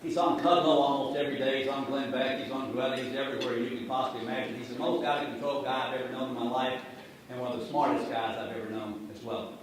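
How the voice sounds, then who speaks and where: A man's voice: medium pitch, fairly even intonation, quick pace. Sarcastic man lecturing in an echoey hall. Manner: sarcastic, jokey, addresses the audience directly. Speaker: speaker giving a talk on finance. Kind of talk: sarcastic lecture to a live audience. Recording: echoey hall from far off, noisy.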